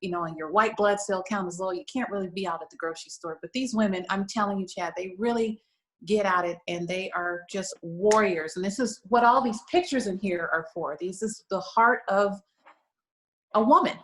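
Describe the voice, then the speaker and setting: Speaking at normal speed in a medium-pitched voice, this woman from the United States is a lingerie shop owner on a talk show. She shares an emotional story earnestly and conversationally, peppered with "you know," though the recording is low quality.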